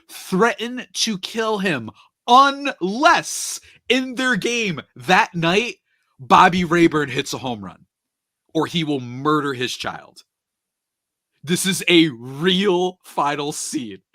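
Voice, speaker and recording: A man in casual podcast chat, retelling a movie plot with animated, running storytelling. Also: a little high, no room sound, studio quality. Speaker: podcast speaker.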